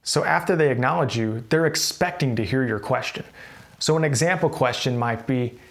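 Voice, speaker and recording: A man's voice: medium pitch, normal speed, creaky. A man with an American accent teaching workplace English, explaining casually and acting out example phrases. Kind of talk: instructional explanation to camera.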